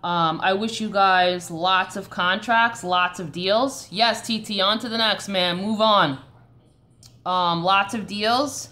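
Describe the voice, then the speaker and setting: A woman's voice: mid-range voice, fairly even intonation, slow pace, bright, forceful tone. A woman with a Long Island New York accent, hosting a casual live stream and answering viewer questions in a chatty, coaching way.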